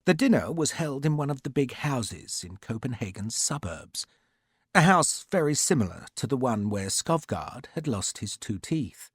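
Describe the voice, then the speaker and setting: A man narrates a scripted audiobook in a measured, even storytelling style. His voice is medium-pitched and husky, recorded dry with clean studio sound.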